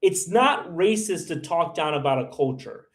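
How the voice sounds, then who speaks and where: A man's voice: fairly high pitch, lively intonation, moderate pace. A man hosting a livestream, answering viewer comments in a blunt, heated, ranting way. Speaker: livestream host. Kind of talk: live stream chat answering viewers.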